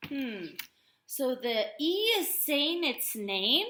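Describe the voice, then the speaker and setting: A woman teacher speaks in a slow, sing-song voice, stretching out the sounds of words for young children. Her voice is high and swoops up and down a lot. The room around her sounds echoey. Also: animated, pushed and bright, slight background noise. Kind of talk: remote writing lesson for young children.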